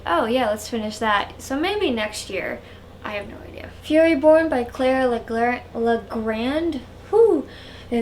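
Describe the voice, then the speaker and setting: Higher-pitched woman book reviewer, rambly, frank, casual vlog chat. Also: slight background noise. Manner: rambling, frank, heavy use of "like".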